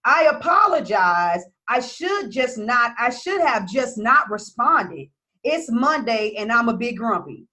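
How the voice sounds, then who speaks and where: A woman's voice: fairly high pitch, sing-song, a little slow, bright, forceful tone. A woman business coach talking casually to her followers, blunt and emphatic, swearing freely.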